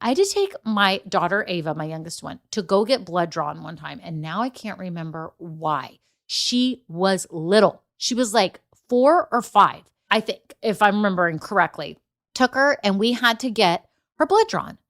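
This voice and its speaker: A woman's voice: mid-range voice, animated, moderate pace, fairly bright tone. A woman in her forties talks alone on her podcast for business owners. She chats through personal stories in a loose, conversational flow, laughing along the way. She keeps turning to the listener with questions and direct asides. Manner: chatty storytelling, laughs often, frequent direct asides. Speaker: podcast host and business coach. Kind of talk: solo podcast monologue.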